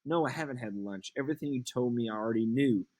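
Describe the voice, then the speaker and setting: A man reading the part of an impatient young girl in love, slowly and evenly from the text in a classroom play reading. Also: mid-range voice, darkish tone, natural voice.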